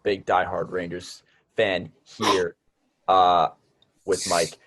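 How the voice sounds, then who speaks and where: A young man co-hosting a casual podcast, upbeat and encouraging, giving shout-outs and asking listeners to comment. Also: sits low, level tone, slow pace. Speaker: podcast co-host.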